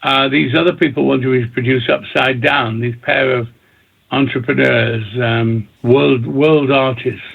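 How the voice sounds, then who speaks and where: A male guest, a record producer and DJ, tells long, rambling stories in an interview, talking in bursts, repeating himself, and restarting sentences many times. His gravelly, husky voice is mid-range with fairly even intonation and a slightly slow pace. The audio sounds tinny, like a phone line.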